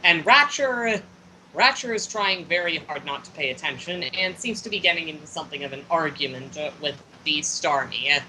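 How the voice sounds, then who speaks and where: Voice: medium pitch, expressive, moderate pace, sharp tone, a little hiss or hum, rough recording. A player narrating a tabletop role-play game with hesitant fillers. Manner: hesitant, many ums and uhs.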